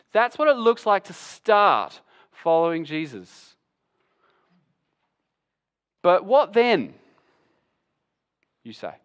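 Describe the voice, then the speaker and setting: Lively pastor preaching. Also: male voice, sits high, smooth. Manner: animated storyteller, acts out the voices of Bible figures. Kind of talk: sermon.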